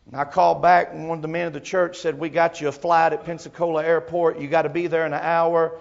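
A man preaching a sermon, telling a personal story, moving from hushed tones to crying out. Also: a little high, quick pace, gravelly, hardly any pauses, highs cut off. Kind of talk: emotional Southern sermon storytelling.

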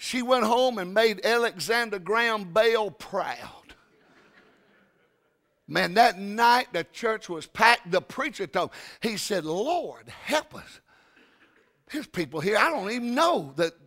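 A man preaching a sermon, telling a story with stammering restarts and sudden loud bursts. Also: high voice, animated, slow.

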